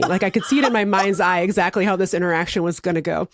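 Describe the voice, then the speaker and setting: A woman in her thirties, a podcast co-host, telling a story in casual chat, animated and laughing as she acts out quotes. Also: on the low side, fast, slight background noise.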